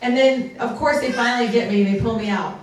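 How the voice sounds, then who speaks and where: A woman whose first language is Arabic, speaking as a guest at a fundraiser in a large hall. She tells stories in an animated way and slips into Arabic now and then. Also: fairly high pitch, fast talker. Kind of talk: storytelling speech at a fundraiser. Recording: echoey hall from far off.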